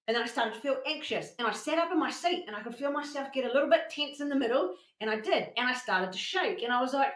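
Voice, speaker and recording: Lady giving a motivational workshop talk, fairly high voice, roomy echo, tells stories with lots of energy. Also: fast talker, hardly any pauses. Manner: animated storytelling with acted-out quotes. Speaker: workshop presenter.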